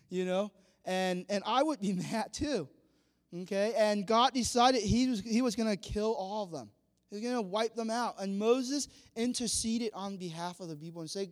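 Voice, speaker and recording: High-voiced man preaching in a reverberant hall. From Vietnam. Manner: animated, acts out quoted dialogue, laughs often. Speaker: pastor. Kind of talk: sermon.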